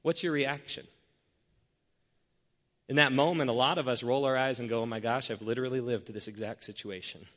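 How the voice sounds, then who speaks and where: Animated preacher man in a reverberant hall. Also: mid-range voice, a little fast, long pauses. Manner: animated, acts out scenarios with changing voices. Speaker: pastor. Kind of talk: sermon with storytelling.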